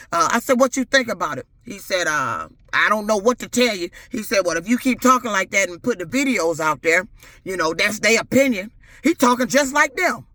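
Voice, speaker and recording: A woman's voice: medium pitch, pushed and bright, no echo. A middle-aged woman, ranting angrily and profanely to her camera as a vlogger. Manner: furious, profane, confrontational. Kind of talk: angry rant to camera.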